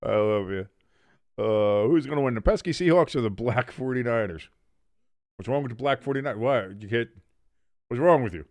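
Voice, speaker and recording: A man's voice: mid-range voice, animated, moderate pace, long pauses, dry recording. A man hosting a live sports watch-along, calling plays in a casual, joking way and chatting with viewers. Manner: joking, chatty, reads out chat messages. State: wired on coffee. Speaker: watch-along stream host. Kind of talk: casual live play-by-play commentary.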